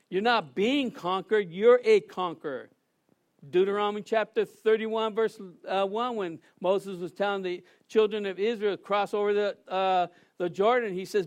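A man with a high voice preaches with emphasis, driving points home by repeating them. He keeps turning to the congregation with questions as his sermon moves along. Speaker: pastor.

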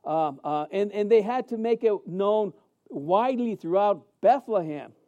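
A man in his fifties, a pastor, preaching a sermon in a conversational way, with many restarts and lively acted-out quotes. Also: high voice, unhurried, highs cut off.

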